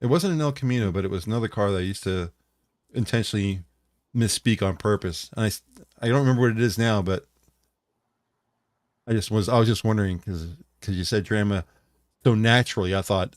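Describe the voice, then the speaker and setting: Low-voiced man in dry casual chat. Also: brisk, long pauses, no echo. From United States. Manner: rambling, jokey, greets chat viewers. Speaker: podcast co-host.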